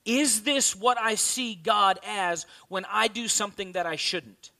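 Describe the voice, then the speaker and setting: A man's voice: high-pitched, measured pace, bright, forceful tone. A man in his thirties giving a conversational sermon as a pastor, often asking his listeners questions. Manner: conversational, asks the audience questions.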